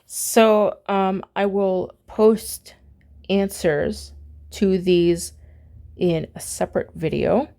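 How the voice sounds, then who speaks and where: Slow-talking woman music teacher. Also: mid-range voice, creaky. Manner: relaxed and halting, many ums, sings solfege syllables to demonstrate. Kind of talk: casual online music lesson.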